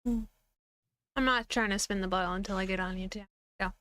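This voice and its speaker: A woman's voice: mid-range voice, fairly even intonation, a little fast, fairly bright tone, clear, resonant tone, dry recording. A woman co-hosting a casual livestream, blunt and offhand, swearing casually. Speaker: livestream co-host.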